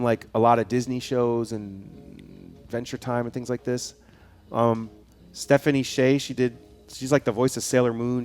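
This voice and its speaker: A man chatting as a guest on a live show, rambling and telling animated stories with frequent laughs. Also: mid-range voice, clean tone. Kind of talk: casual chat. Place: studio.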